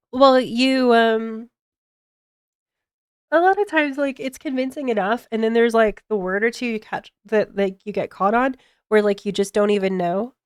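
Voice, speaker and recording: Smooth-voiced American woman chatting. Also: on the high side, no echo, studio quality. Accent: General American. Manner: halting, many fillers, frequent laughs. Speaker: streamer. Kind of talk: casual stream chat.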